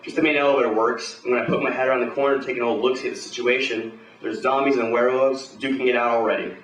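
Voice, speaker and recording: A man telling a first-person pulp action tale aloud in a gruff, swaggering, profane, hardboiled way. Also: mid-range voice, fairly even intonation, fast talker, a bit bright, echoey room, distant mic, slight background noise, rough recording. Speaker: storyteller.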